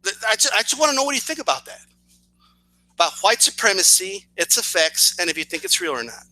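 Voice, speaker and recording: A boxing commentary channel host fires back at a rival in a high, very animated voice that is fast, bright and forceful. He's sarcastic and repetitive, restarting phrases and asking "right?" over and over. The audio quality is poor.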